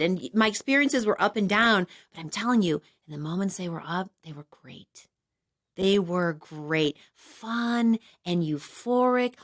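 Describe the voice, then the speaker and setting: A woman in her forties hosting a casual chat, telling a funny story and jumping up high when she acts out what people said. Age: 40s. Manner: animated, acts out quoted voices in high bursts. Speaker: podcast host.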